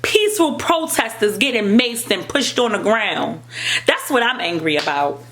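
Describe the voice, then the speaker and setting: A woman's voice: mid-range voice, animated, unhurried. A young woman with an African American English accent, giving impassioned personal commentary as a vlogger, emphatic and repetitive. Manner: emphatic, repetitive, rising to near-shouting.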